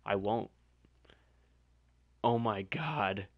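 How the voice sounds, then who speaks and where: A man's voice: on the low side, extremely slow, dry recording, muffled recording. A young man doing live stream commentary, chatting directly to his viewers.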